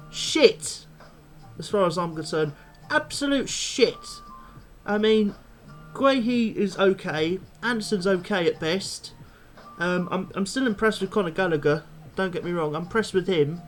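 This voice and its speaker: A young man, a football fan vlogger, angrily ranting after a match and swearing bluntly. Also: sits high. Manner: angry, swears a lot, blunt. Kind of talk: post-match fan rant.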